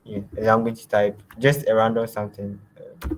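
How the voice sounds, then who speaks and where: Man, design lab instructor, step-by-step tutorial, lowish voice, faint hum behind. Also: flat delivery, normal speed. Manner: step-by-step instructions, often trailing off quietly. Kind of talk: screen-share software tutorial.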